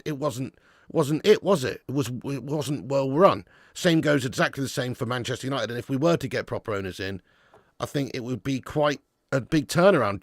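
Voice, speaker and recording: A man's voice: mid-range voice, no echo, clean studio sound. A man hosting a live football watch-along, bantering with his chat and flaring into mock outrage at players. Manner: banter-heavy, shouts in mock outrage, reads out super chats. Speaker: football fan channel host.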